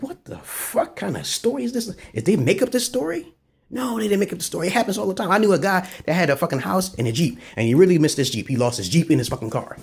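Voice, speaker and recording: Vlogger, male, mid-pitched and husky; rambling profane rant, voice jumps up when agitated. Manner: heavy swearing, repeated "right?" and "okay?" asides. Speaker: vlogger giving dating advice. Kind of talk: rambling profane monologue to camera.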